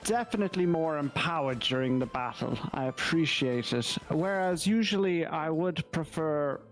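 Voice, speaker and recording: A man's voice: on the high side, expressive, normal speed, soft background music. A man voicing an old male elf war veteran in a mixed Irish and British put-on accent, tagging his lines with "so it was". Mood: musing. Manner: musing, tags phrases with "so it was".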